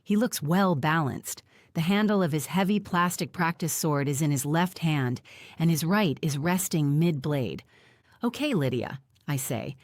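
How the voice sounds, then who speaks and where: A woman reading a first-person audiobook in a tense, measured storytelling manner, close to the mic. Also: deep voice, darkish tone, no echo. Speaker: audiobook narrator.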